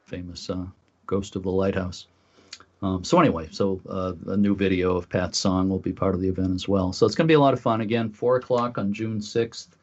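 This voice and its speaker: A man with a low voice talks in a halting, casual way, stopping often on filler sounds. The sound is dull and lo-fi, as on a muffled radio line. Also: level tone. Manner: halting, many filler uhs. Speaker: lighthouse group volunteer leader. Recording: dull lo-fi recording.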